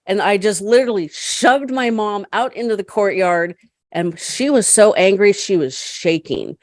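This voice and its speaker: A middle-aged woman, a podcast guest, chatting and telling stories in a lively way, laughing often. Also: mid-range voice, normal speed, dry recording, clean studio sound. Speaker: podcast guest, caregiver advocate. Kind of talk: storytelling in casual conversation.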